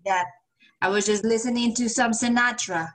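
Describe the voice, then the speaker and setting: A woman's voice: fairly high pitch, moderate pace, a bit bright, natural voice. A woman podcast co-host putting on a genteel 1950s-style lady's voice, with old-fashioned, ladylike phrasing. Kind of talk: casual chat in a put-on voice.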